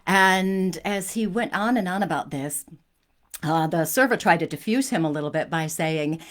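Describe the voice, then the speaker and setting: A woman's voice: lowish voice, animated, normal speed. A woman hosting a spiritual talk, telling a personal story in an earnest, conversational way with frequent restarts.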